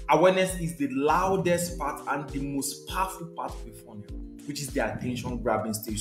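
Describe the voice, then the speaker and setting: In an echoey room, a young sales trainer with a slightly high voice leads a live sales session. His tone is conversational, and he repeats his main points and keeps checking in with viewers.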